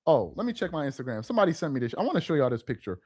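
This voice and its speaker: A man with a high voice that swings wide, ranting about sports with mocking disbelief. He fires off rhetorical questions, stumbles over repeated words when he gets worked up, and rises into shouts. The sound is close and dry. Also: big pitch swings, racing, breathy edge, no echo. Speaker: sports commentator host. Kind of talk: sports rant to camera.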